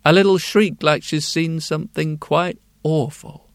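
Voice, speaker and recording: A man telling a fairy tale in a hushed, repetitive, lulling way. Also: a little high, steady tone, unhurried, dry recording. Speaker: storyteller. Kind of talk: slow fairy-tale storytelling.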